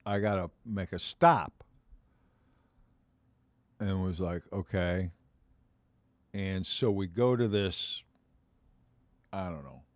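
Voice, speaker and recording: A man's voice: sits low, no echo. A man around seventy, hosting a podcast, telling a long personal story in a casual, rambling way that repeats phrases and circles back. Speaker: podcast host.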